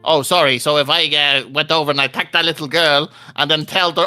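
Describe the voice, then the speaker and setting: A man's voice: a little high, lively intonation, fast, few pauses, bright, forceful tone, no echo, soft background music. A man playing a tabletop game, indignant and swearing often as he argues in character. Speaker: player voicing Wagon the gnome. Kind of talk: tabletop role-play.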